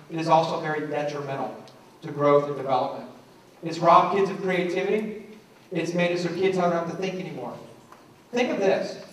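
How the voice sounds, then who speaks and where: A man's voice: on the high side, slight background noise. A middle-aged man giving a motivational talk to teachers, acting out voices as he tells stories. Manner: animated storyteller acting out voices. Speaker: education speaker. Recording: echoey room from a distance.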